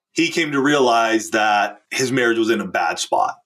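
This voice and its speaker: A man's voice: medium pitch, moderate pace, hardly any pauses, fairly bright tone. Earnest man coaching on marriage. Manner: earnest, emphatic, acts out quoted speech. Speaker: guest relationship coach. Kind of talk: conversational storytelling.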